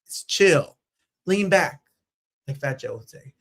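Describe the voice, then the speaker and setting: A man hosting a show in casual chat, excitable and chatty, jumping from topic to topic. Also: a little high, slow pace, creaky, long pauses. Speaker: host. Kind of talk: casual live-stream chat.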